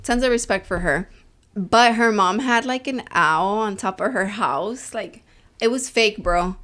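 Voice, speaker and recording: Woman in her 20s, podcast co-host, chatty storyteller, mid-pitched voice, Spanish-English mix. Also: measured pace, fairly bright tone. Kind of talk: casual storytelling chat.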